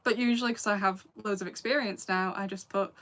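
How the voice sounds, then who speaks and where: Here a YouTuber in her late twenties answers her live chat in a relaxed, chatty way, laughing frequently and going off on asides. Her voice is medium-pitched and steady, a little fast, with a fairly bright tone. The accent is Lancashire English with a hint of Scouse, and she's from England.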